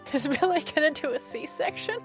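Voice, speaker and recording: A woman's voice: high-pitched, animated, a little slow. A woman playing a tabletop game, talking casually and laughing often, in a dull lo-fi recording with faint music. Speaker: player.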